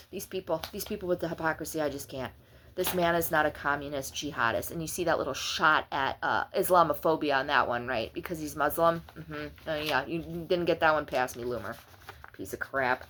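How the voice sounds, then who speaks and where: A woman's voice: on the low side, fairly bright tone. A middle-aged woman summarizing the day's news in a casual, sarcastic and exasperated way, as the host of her channel. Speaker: political commentary vlogger.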